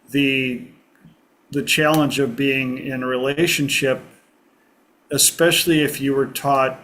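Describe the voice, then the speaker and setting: Slow, reflective male talk host. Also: medium pitch, a bit bright. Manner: slow, reflective, pausing to find words. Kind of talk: casual group discussion.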